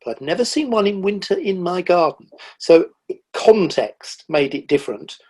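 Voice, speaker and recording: A middle-aged man, a guest on a podcast, telling animated stories about the wildlife he sees, with lively quoted asides. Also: high voice, normal speed. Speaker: guest, nature writer. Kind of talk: casual conversational interview.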